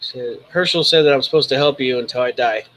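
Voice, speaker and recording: A giant ladybug mount, loyal and unbothered, speaks in an easy, steady voice at a middling pitch. A man puts it on while running the game. It sounds calm and matter-of-fact. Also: fast, lightly acted, low-quality recording. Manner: buzzing noises, then plain steady talk.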